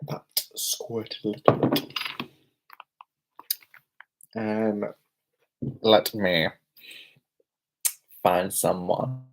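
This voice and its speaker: A man's voice: on the low side, fairly even intonation, drawn-out words, long pauses, background noise. A young British man, tipsy from beer, rambling and exclaiming as he chats on a live stream from a hotel room. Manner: rambling, exclamatory, self-mocking. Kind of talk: casual live-stream chat.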